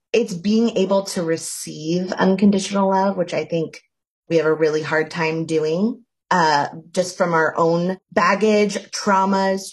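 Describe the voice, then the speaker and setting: A woman co-hosting a faith-based podcast, speaking in an earnest, deliberate casual chat. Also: on the low side, breathy edge. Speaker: podcast co-host.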